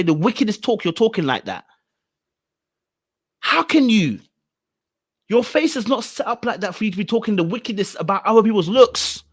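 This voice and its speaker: Animated man reacting. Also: high voice, husky. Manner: animated, exclaiming, repeats phrases. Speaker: reaction channel host. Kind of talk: reacting to a reality show.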